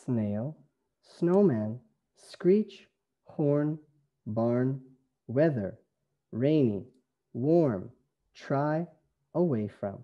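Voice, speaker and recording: A man from Canada with a Canadian accent, an English teacher reading a phonics lesson slowly in a sing-song way. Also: medium pitch, lively intonation, mellow, highs cut off. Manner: slow, sing-song, stretched words.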